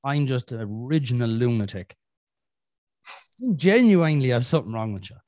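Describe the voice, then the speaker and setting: A man's voice: medium pitch, very animated, normal speed, darkish tone, no echo, studio quality. An Irish man hosting a podcast, talking bluntly with lots of swearing and jokes, and acting out his own inner voice. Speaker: podcast host. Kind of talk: casual podcast chat.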